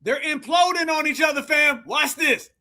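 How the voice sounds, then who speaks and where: A man hosting a livestream, reacting loudly and hyping up his viewers. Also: very high voice, moderate pace. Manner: loud, hyped, calls viewers fam. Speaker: livestream host reacting to clips. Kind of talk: hyped livestream commentary.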